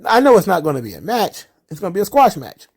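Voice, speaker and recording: A man hosting a casual solo wrestling commentary, talking in an animated way and mocking wrestlers with quick impressions. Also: high voice, husky.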